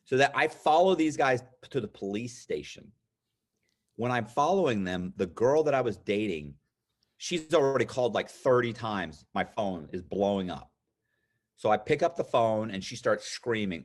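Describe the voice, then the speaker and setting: Lively storytelling man, low voice. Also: normal speed. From United States. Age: 50s. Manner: animated storyteller, acts out quoted voices. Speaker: interview guest. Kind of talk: storytelling in casual conversation.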